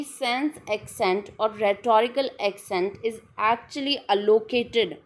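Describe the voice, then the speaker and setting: A woman explains a literary term in a lecture, repeating her definitions and pausing on fillers. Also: on the high side. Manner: repetitive, restating definitions with frequent fillers. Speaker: literature teacher.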